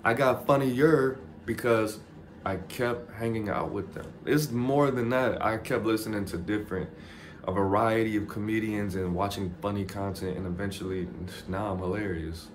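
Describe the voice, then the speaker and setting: A man vlogging a casual motivational monologue, animated and jokey, swearing freely and poking fun at himself. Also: fairly low pitch, moderate pace, noisy background.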